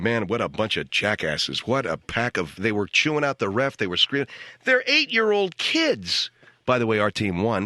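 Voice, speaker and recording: A middle-aged man hosting a radio comedy show, delivering a deadpan ranting monologue that jumps into shouted quoted voices. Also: on the low side, no echo, clean studio sound. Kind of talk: comic monologue. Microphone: studio radio mic.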